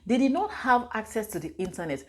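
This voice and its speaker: A woman's voice: a little high, a little fast. Chatty Nigerian mother vlogging. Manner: chatty, animated storytelling with pidgin and Igbo asides. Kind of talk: casual advice vlog.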